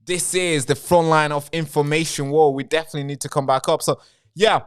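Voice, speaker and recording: A man's voice: on the high side, steady tone, fairly quick, clean tone. A man hosting a live stream, talking straight to his viewers in a rambling way and answering chat comments. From Britain.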